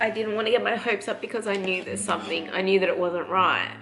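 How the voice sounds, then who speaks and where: A woman's voice: mid-range voice, quick pace, gravelly, hardly any pauses. A young woman with an Australian accent, crying as she talks to the camera in a rambling personal vlog, full of "like" fillers. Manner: rambling, many "like" fillers, emotional. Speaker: vlogger. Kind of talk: tearful personal vlog confession. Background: soft guitar music.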